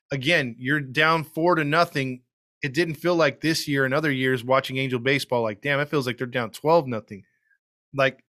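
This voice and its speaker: A man's voice: medium pitch, sharp tone, no echo, clean studio sound. A man co-hosting a podcast, chatting casually and enthusiastically, rambling with frequent restarts. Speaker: podcast co-host. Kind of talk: casual sports chat.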